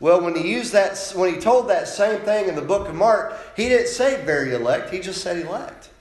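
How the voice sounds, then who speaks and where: A man's voice: high-pitched, lively intonation, normal speed. A man preaching a sermon as a pastor, emphatic and insistent, often ending points with a rhetorical "right?". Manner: preaching with frequent rhetorical "right?" tag questions. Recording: roomy echo.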